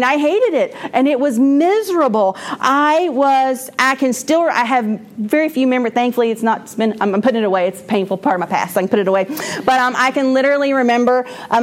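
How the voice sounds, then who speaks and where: A woman gives a candid, rambling personal testimony at a church moms' class, often restarting her sentences and laughing. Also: on the high side.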